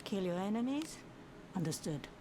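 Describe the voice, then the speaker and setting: A woman's voice: mid-range voice, sing-song, moderate pace, mellow, close to an everyday voice. A woman voicing a stern, obedient female warrior unit in a game, with a clipped, accented delivery. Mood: clipped, dutiful. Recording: game audio with noise.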